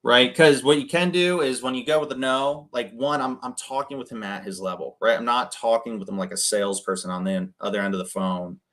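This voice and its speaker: A man casually coaching people on cold calling between phone calls, often tagging his points with a quick "right?". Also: mid-range voice, fairly bright tone. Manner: conversational, keeps adding "right?". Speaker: real estate wholesaling coach.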